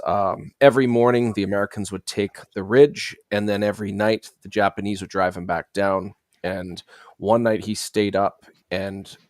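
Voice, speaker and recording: Interview guest, middle-aged man, lower register, dry recording, rambling and filler-heavy. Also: no room sound. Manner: rambling, many fillers and restarts. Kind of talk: conversational interview answers.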